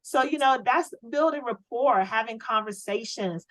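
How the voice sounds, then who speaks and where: A woman running a sales training on a video call, coaching with lively, preachy energy and lots of rhetorical questions. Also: fairly high pitch, moderate pace, no echo, rough recording. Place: home office.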